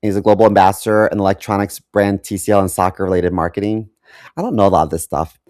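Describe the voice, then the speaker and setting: A man's voice: lowish voice, fairly even intonation, fast, darkish tone, no room sound, studio quality. A man co-hosting a podcast in casual chat, hesitant with many ums and wry asides. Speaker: podcast co-host.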